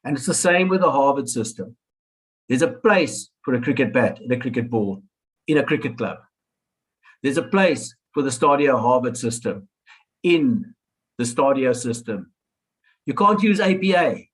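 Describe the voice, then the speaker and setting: A man's voice: mid-range voice, expressive, normal speed, long pauses, low-quality recording. A man in his sixties giving an orientation talk to new students in a webinar, emphatic and repeating key advice. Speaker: lecturer. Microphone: webinar computer mic.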